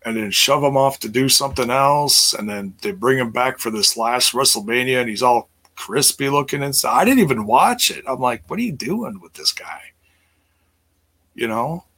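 A man's voice: medium pitch, moderate pace, hardly any pauses, sharp tone. A middle-aged man chatting casually on his livestream, rambling with many fillers and restarts. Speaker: livestream host.

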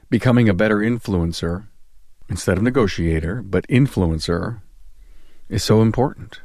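Low-voiced, measured podcast host. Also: male voice, a little mellow, no room sound, clean studio sound. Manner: measured, summarizing the guest's points. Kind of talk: interview conversation.

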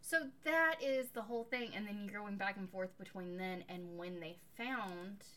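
A woman co-hosting a casual book-review podcast, recapping a novel in an animated, sarcastic way and swearing casually. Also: medium pitch, normal speed. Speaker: podcast co-host.

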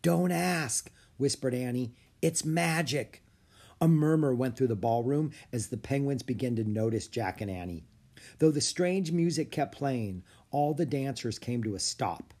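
A man narrating a children's book aloud with expressive storytelling. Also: medium pitch, normal speed. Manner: expressive, story-telling delivery. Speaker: audiobook narrator.

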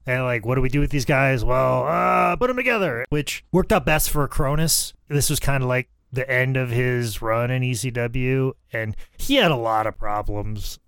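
A man's voice: medium pitch, moderate pace, creaky, hardly any pauses, fairly bright tone, clear, resonant tone, no room sound. A man who wrestles, chatting casually on a podcast, rambling and swearing freely.

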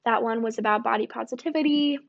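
A young woman talks through her solo podcast in a loose, rambling way, full of fillers and little self-deprecating asides. Her voice sits a bit high for a woman. The home recording sounds dull and lo-fi. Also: quick pace, creaky. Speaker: podcast host. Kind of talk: casual solo podcast chat.

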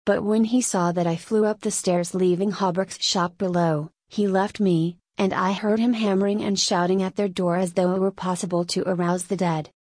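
Woman reading a dark tale aloud. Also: mid-range voice, fairly even intonation, moderate pace, few pauses, slightly rough, no echo. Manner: dramatic reading, first-person storytelling. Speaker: audiobook narrator. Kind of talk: scripted narration of a dark literary tale.

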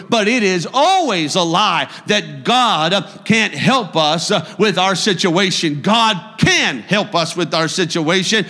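A pastor delivers a sermon in church, his voice bright and a touch high. He builds to emphatic, raised bursts and then drops back to a quiet, reflective delivery. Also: in a large hall.

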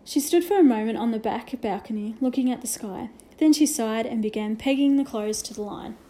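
A woman reading a children's novel aloud with gentle storytelling and hushed asides. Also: fairly high pitch, a little fast. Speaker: reader.

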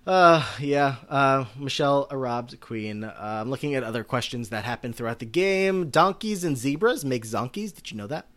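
A man's voice: medium pitch, expressive, moderate pace, hardly any pauses, fairly bright tone, clean tone. A man co-hosting a podcast, chatting casually and rambling with lots of filler words. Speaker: podcast co-host. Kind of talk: casual recap chat.

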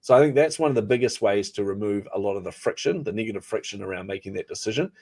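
A man being interviewed as a startup founder, telling stories in a lively way and acting out the people he quotes. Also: lowish voice, fast talker. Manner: animated storyteller, acts out quoted dialogue. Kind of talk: casual interview storytelling.

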